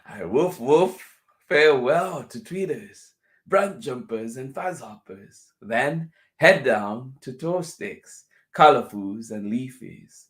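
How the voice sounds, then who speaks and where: Very slow-reading male storyteller. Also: mid-range voice. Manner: reads each passage twice, slowly and gently; chuckles softly between lines. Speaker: children's storyteller. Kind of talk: reading a picture book aloud.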